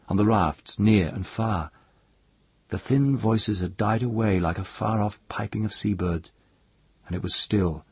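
Deep, raspy-voiced male audiobook narrator. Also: no room sound. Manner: measured, calm storytelling.

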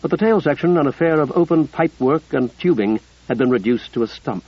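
A man narrating an audiobook in a measured, even storytelling manner. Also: on the high side, slightly rough, no room sound, dull audio.

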